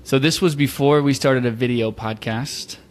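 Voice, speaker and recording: A man's voice: medium pitch, moderate pace. A man hosting a podcast, earnest and encouraging, speaking his scripted intro and chatting with his co-host.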